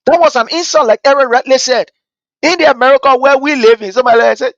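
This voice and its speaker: High-voiced man with rambling commentary. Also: fast, dry recording. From Liberia. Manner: rambling, animated, with many fillers and restarts. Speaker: political commentator. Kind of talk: casual commentary monologue. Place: lives in America. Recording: dull, lo-fi dry sound.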